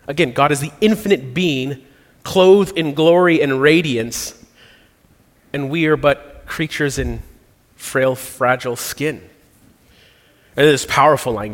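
A man with a slightly raised pitch delivers a sermon in an earnest, reflective way, often pausing and restarting his thoughts. His voice carries through a large hall with a long, trailing reverb. He sounds like a pastor speaking in a church sanctuary.

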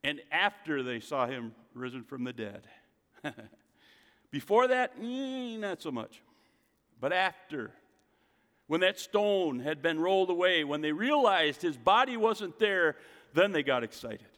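A man's voice: on the high side, big pitch swings, unhurried, a bit bright. Preaching man with hall reverb. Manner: emphatic preaching, rhetorical questions. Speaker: pastor. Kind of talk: sermon.

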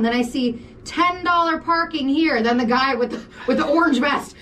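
A woman co-hosting a podcast, telling a story in casual chat, animated and laughing, swearing freely. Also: high voice, moderate pace, far from the mic, a little hiss or hum. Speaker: podcast co-host.

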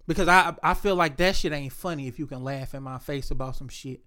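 A man spins a personal story in a relaxed conversational chat. His voice sits a little higher than most men's. He talks bluntly and swears freely, acting out the quotes with lively energy. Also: brisk, few pauses. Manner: profane, blunt, animated retelling.

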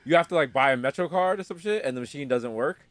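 A man's voice: on the high side, fast, no room sound. A man in casual comedic banter, acting out little scenes in voices. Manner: animated, acts out bits in voices.

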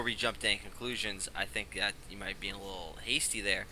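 A man's voice: lowish voice, steady tone, fairly quick, pushed and bright, slight background noise, poor audio. A man playing a wizard in a tabletop game, arguing persuasively for his side. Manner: persuasive, argumentative. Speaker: player as a wizard. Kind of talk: tabletop role-play.

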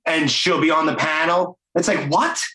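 A man hosting a podcast, talking in a casual, enthusiastic ramble full of swearing. His voice sits a little high for a man. The sound is roomy and echoey. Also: fairly even intonation, normal speed, pushed and bright. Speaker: podcast host. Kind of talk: casual interview chat.

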